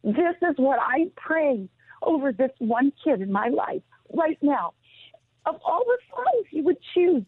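A woman calling in as a guest to a radio show, close to tears, speaking in halting, emotional bursts. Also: sits high, very animated, no echo. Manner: emotional, halting, repeats herself. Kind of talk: interview answers by phone. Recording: tinny phone line.

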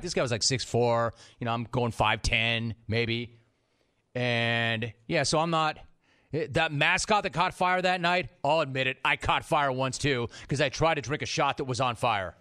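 Speaking at a moderate pace in a mid-range, pushed and bright voice, a male sports radio host in his forties gives a lively monologue. He tells his stories brashly and does impressions of his friends.

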